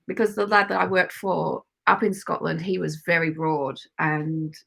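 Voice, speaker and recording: Bright, gravelly Australian woman chatting. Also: low voice, steady tone, normal speed. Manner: chatty, laughs often between phrases. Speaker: guest, club photographer. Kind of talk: casual interview chat.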